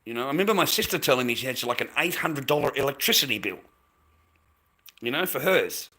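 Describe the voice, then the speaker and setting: An Australian man with a tense, bright voice, sitting at mid pitch for a man. He rants straight at his viewers in a blunt, sweary way and keeps hammering the same points. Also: expressive, fast talker. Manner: sweary, blunt, repeats himself. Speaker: livestream host. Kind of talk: casual ranting to viewers.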